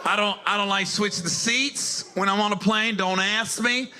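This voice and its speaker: A man's voice: high-pitched, fairly even intonation, normal speed, crowd noise, background noise. A male stand-up comedian telling stories in a casual, profane, conversational way on a club stage. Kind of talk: stand-up storytelling.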